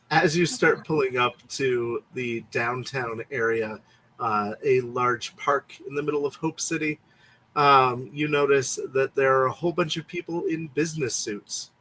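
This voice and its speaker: A man running a tabletop game as game master, easygoing and quick to laugh. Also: mid-range voice, bright, forceful tone.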